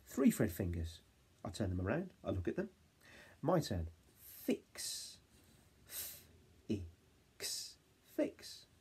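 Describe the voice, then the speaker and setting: A young male teacher from England talking to young children in a home-learning phonics lesson, saying words slowly sound by sound and prompting them to repeat after him. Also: lowish voice, huge pitch swings, mellow, breathy edge. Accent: English. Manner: slow, sound-by-sound modelling with call-and-response prompts. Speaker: reception class teacher.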